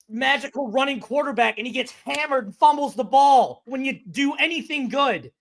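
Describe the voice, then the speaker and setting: A man's voice: high voice, a bit bright. A man co-hosting a sports podcast, delivering an exasperated, profane rant. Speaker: podcast co-host.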